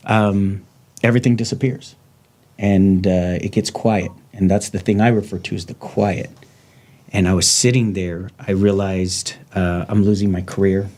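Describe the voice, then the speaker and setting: A man's voice: on the low side, steady tone, normal speed, a little mellow. A middle-aged man and former lawman hosting a podcast, speaking in a raw, blunt, heartfelt way. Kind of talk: candid podcast conversation.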